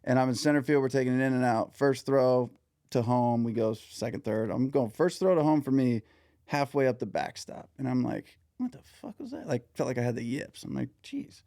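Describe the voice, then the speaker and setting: A man's voice: mid-range voice, fairly even intonation, a little fast, warm tone, dry recording, studio quality. A man hosting a casual sports interview, telling swearing, joking anecdotes of his own. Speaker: host.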